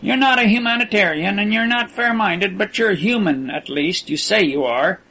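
A man's voice: sits high, normal speed, sharp tone, a little hiss or hum, voice pushed up. A man voicing a tall male prisoner who pleads desperately with his captor in a strained, raised voice. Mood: pleading, desperate.

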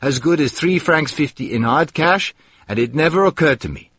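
A man narrating a story in an expressive reading, with heated outbursts in the dialogue. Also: on the high side, moderate pace, breathy edge, no echo. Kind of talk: audiobook narration.

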